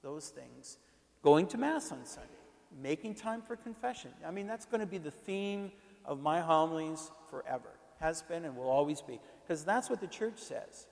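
Gravelly-voiced priest in a reverberant hall. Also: male voice, a little high, animated, normal speed, a little mellow. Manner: conversational, emphatic, repeats himself. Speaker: Catholic parish priest. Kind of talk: informal teaching talk.

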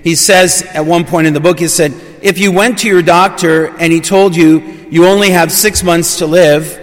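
Priest, male, slightly high voice, loose conversational homily, long church reverb. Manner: conversational, with fillers and restarts. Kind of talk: gospel reading and homily.

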